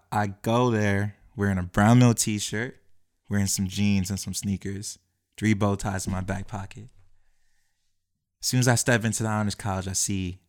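A young man animatedly telling a personal story, acting out the quoted lines of the people in it. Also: lowish voice. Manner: acts out quoted dialogue, quick and lively. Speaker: guest telling his story.

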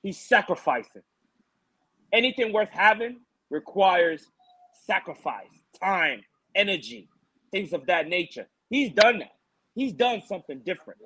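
A man with a strikingly high, sharp voice co-hosts a combat-sports preview. He rants in an animated, mocking way, full of exasperation. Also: a little slow, breathy edge, rough recording. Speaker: MMA show co-host. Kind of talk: ranting fight preview chat.

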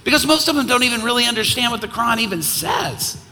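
A man's voice: very high-pitched, expressive, fast. A man preaching as a guest speaker in a church, telling stories and building to impassioned calls to action. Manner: impassioned, builds to loud exhortation. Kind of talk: sermon with storytelling. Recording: long hall reverb, faint noise.

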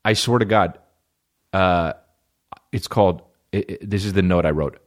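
Deep-voiced and moderately paced, he pauses often while ranting through a funny story alone on his podcast. The host curses a lot and voices the other people in the tale.

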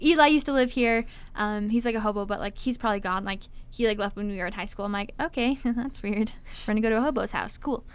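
A young woman telling a story in casual chat, animated, acting out quotes and saying "like" a lot. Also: mid-range voice, fast, clean tone. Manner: animated, acts out quotes, heavy filler "like". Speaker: storyteller guest.

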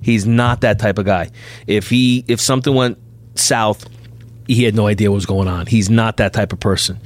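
A man's voice: lowish voice, moderate pace, dry recording. A middle-aged man, a bail bondsman, telling anecdotes on a podcast and acting out the dialogue in them. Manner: animated anecdote teller, acts out dialogue. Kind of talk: podcast storytelling.

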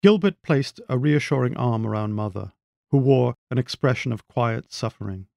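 A man reading his own short story aloud in a measured, wry way, close to the mic. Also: medium pitch, animated, gravelly, a little mellow, no room sound. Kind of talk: literary reading.

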